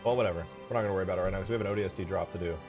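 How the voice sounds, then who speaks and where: Very fast and low-pitched, a game modder and streamer talks to himself over music while playing. His commentary on his own gameplay is casual, rambling and excitable.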